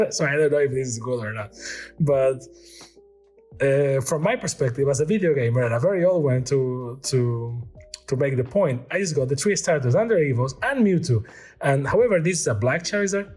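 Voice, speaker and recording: A middle-aged man hosting a casual card-pack opening, rambling and excitable, stopping often to read the card text aloud. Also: medium pitch. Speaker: channel host opening card packs. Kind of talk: casual unboxing chat.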